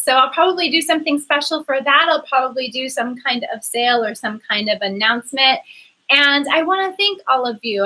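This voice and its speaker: Bright-voiced woman hosting a live chat. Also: high-pitched, low-quality recording. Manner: earnest, grateful, with many ums and restarts. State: getting emotional. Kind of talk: casual livestream talk to viewers.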